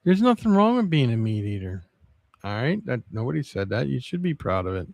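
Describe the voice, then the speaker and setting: A man livestreaming, chatting casually with viewers in a rambling, halting way with many restarts. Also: medium pitch, very animated, gravelly, darkish tone, dry recording.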